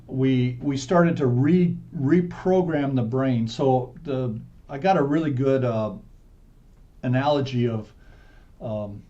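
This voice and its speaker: Middle-aged male guest, mellow and frank, slightly dull recording. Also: mid-range voice. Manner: earnest, frank, speeds up and slows down to stress points. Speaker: podcast guest. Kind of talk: candid conversational storytelling. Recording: dull muffled podcast audio.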